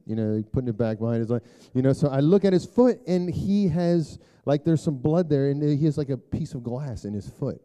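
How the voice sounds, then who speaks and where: A man preaching a casual sermon, telling a story in a loose, conversational way with lots of fillers and throat clearing. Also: mid-range voice, animated, a little fast, hardly any pauses, mellow.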